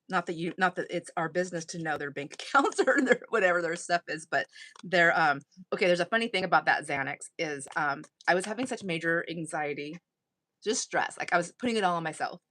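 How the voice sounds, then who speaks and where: A woman's voice: lowish voice, brisk, fairly bright tone, no echo. A woman hosting a craft live stream, chatting casually and rambling with frequent laughter. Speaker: craft channel host.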